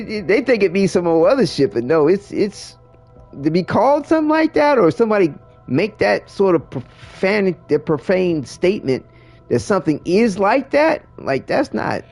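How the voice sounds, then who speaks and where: A man's voice: high voice, sing-song, normal speed, a little mellow, faint music behind. A man streaming a game, chatting casually with viewers in a rambling way, full of restarts and fillers. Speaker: livestreamer. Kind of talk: casual chat while gaming.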